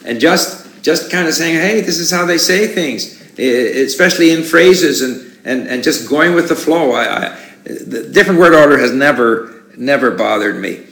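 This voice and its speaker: A man speaks at a middle pitch in an easygoing, rambling manner, often restarting his sentences and filling pauses. His voice carries a noticeable echo from the room around him. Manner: relaxed, rambling, with many restarts and fillers. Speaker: conference speaker answering questions. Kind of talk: casual spoken talk with audience questions.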